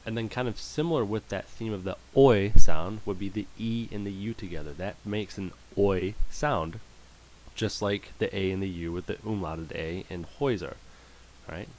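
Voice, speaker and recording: A man's voice: on the low side, normal speed, darkish tone, slight background noise. A man teaching German pronunciation in a screen-share lesson, patiently repeating each word for practice.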